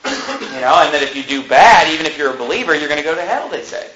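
Male preacher, sermon storytelling; casual "okay?" tags, dry humor, pitch swinging widely. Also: sing-song, fast, highs cut off, a crowd in the background. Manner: conversational, peppers talk with "you know" and "okay?"; wry, joking asides.

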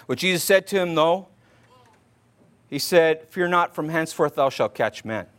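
A man preaching in a loose, conversational way, his voice sitting a little higher than most men's. He quotes old-style scripture aloud, then slips back into plain talk, restarting words and tossing in "right?" after nearly every point. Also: expressive, normal speed, a bit bright, clean tone. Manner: informal, repeats "right?" often, restarts words. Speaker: pastor. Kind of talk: conversational sermon.

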